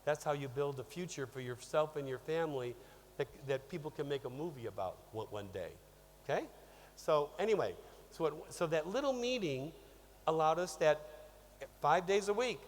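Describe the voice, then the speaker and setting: A man giving a motivational business talk to an audience, energetic and conversational, often asking "okay?". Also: fairly high pitch, normal speed. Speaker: business trainer speaking on stage. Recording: long reverb of a large hall, faint hum.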